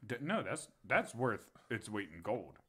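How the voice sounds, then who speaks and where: Young male podcast co-host: lively, bright voice, crude and animated storyteller. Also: fairly low pitch, unhurried, breathy edge. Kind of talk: casual storytelling chat.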